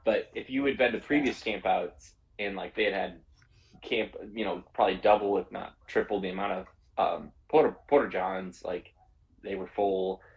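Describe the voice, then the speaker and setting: A man's voice: low-pitched, steady tone, moderate pace, dull audio. A man co-hosting a podcast, talking in a rambling, hesitant way with many fillers. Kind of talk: casual chat.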